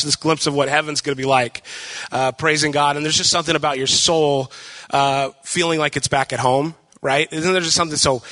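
Bright-voiced young pastor in echoing hall. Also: male voice, fairly high pitch. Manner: chatty, joking, talks to the congregation with questions. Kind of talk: casual sermon. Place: church hall with long reverb. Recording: reverberant church hall.

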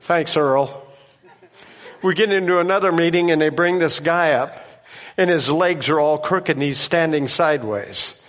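A man preaching, telling a miracle story in an animated way and laughing at his own tale. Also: fairly high pitch, normal speed, in a large hall. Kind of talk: sermon testimony storytelling.

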